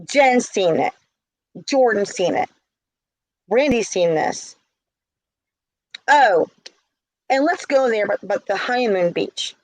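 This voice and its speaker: A woman's voice: mid-range voice, lively intonation, slow, pauses often, a little mellow, no room sound, rough recording. A middle-aged woman telling a story in a casual vlog, heated and indignant. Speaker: vlogger.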